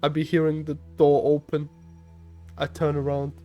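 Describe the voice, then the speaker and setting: A young man vlogging a casual story in slangy, playful talk, speaking low and close to a desk mic in his bedroom. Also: completely flat delivery, moderate pace, mellow, highs cut off, faint music behind. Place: shared bedroom at home. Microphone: desk microphone up close.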